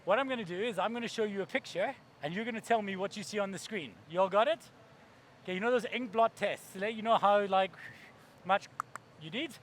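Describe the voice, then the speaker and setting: Brash, high-voiced man on stage. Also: brisk, slight background noise. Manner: brash, profane, playful, acts out voices. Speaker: keynote speaker. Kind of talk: energetic stage keynote with comic bits.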